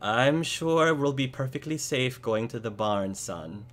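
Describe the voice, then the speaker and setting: A man's voice: medium pitch, expressive, measured pace, fairly bright tone. A man voices a tired middle-aged farmer father who humors his family with weary patience. He hesitates and fumbles over his words, sounding mild and worn out in a tabletop game. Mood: patient.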